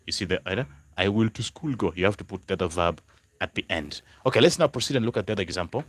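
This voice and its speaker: Deep-voiced man teaching slowly. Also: animated, dry recording. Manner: slow, repetitive explaining, spelling out words, greeting viewers. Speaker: German language tutor. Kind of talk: live online lesson.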